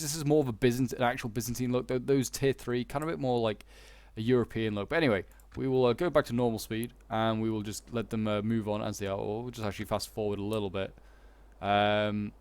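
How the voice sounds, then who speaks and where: Young Yorkshire man, casual game commentary, hesitant and rambling, crisp close-mic sound, dead dry room. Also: medium pitch, no echo. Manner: rambling, hesitant, many fillers and restarts. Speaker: gaming YouTuber.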